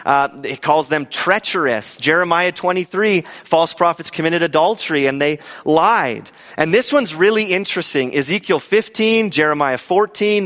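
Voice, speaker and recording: A man preaching a sermon with animated delivery, stumbling into restarts and acting out quoted voices. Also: on the high side. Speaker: pastor. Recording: dull sound with long hall reverb.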